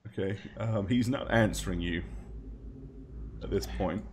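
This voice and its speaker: A man's voice: lowish voice, unhurried, a little mellow, slight background noise. A man running a tabletop game as game master, giving rulings with many hesitations. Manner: hesitant, filler-heavy rulings.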